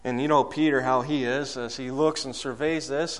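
A man's voice: steady tone, normal speed. Man preaching a sermon. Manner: rises loud and high when acting out quoted prayers, drops low and soft on key lines; asks the congregation questions.

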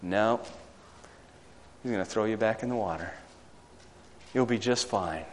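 A man voicing God as a calm, gentle and reassuring speaker in a story. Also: on the low side, a little slow, in a large hall, pitched below the performer's own voice, lightly acted.

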